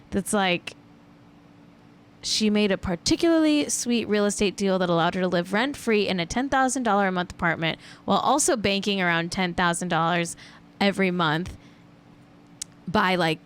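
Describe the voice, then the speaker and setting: A woman hosting a casual celebrity gossip show, chatty and amused, peppering her talk with "like". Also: fairly low pitch. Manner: chatty and amused, heavy use of "like". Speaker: podcast host.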